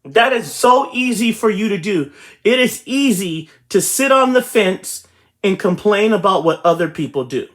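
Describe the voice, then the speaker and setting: A man's voice: sits high, lively intonation, normal speed, fairly bright tone. A man hosting a real estate channel, giving a motivational talk to his viewers and repeating his points emphatically. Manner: repetitive, emphatic, addresses viewers directly.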